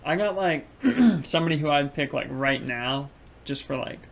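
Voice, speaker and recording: A laid-back young man with a fairly high yet gravelly voice chats casually as a podcast co-host. He tosses in "bro" and "dude" and laughs easily, over faint room noise. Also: lively intonation, normal speed. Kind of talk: casual chat.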